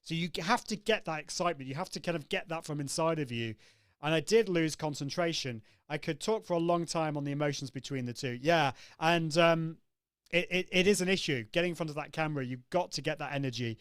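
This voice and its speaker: A man's voice: fairly high pitch, fairly quick, clear, resonant tone, dry recording. A man hosting a live coaching show, upbeat and demonstrative, answering viewers' comments as he teaches. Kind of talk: live-stream coaching talk.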